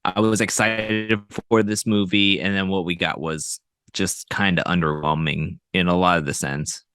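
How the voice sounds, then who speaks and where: Low-pitched and flat in delivery, this man speaks at a moderate pace with a fairly bright, smooth tone. As a guest co-host on a podcast, he gives casual movie opinions with much hesitation, many fillers and restarts. The recording is clean studio sound with no room echo.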